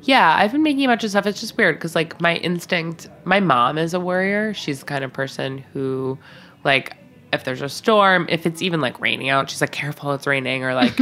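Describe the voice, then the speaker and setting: Bright-voiced, chatty young woman. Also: low voice. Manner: chatty, jokey, many fillers. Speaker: podcast co-host. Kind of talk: casual chat.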